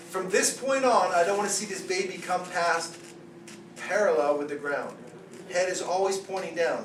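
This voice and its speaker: Joking first aid instructor, echoey room. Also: male voice, high-pitched, recorded from a distance, a little hiss or hum. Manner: joking, blunt, acts out babies in silly voices. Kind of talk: live classroom instruction. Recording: echoey room recorded from afar.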